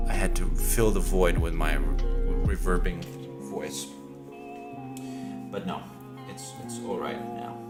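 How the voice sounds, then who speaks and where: A man's voice: sits low, slow pace, reverberant, music in the background. A man casually retelling a story while drawing on a livestream, rambling and digressive. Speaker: streamer. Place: room with reverb.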